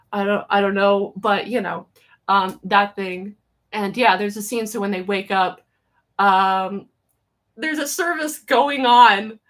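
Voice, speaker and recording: Woman, live-stream host taking viewer questions; loose, rambling, giggly, full of ums and restarts, mid-pitched. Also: fairly bright tone. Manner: rambling and chatty, with many fillers and restarts; self-mocking and giggly. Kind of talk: casual live Q&A chat.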